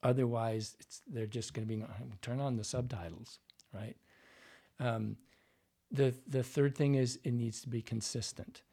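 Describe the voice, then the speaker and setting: Male dialect coach in an interview, husky mid-range voice, patient and explanatory. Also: mid-range voice, fairly even intonation, a little slow, mellow. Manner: explanatory, demonstrates lines and sounds.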